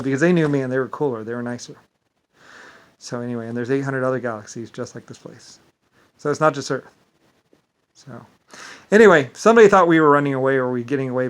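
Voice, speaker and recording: A man talking in a rambling monologue, repeating himself, stumbling over words and swearing indignantly. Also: medium pitch. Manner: repetitive, stumbling, filler-heavy; profane and indignant. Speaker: vlogger.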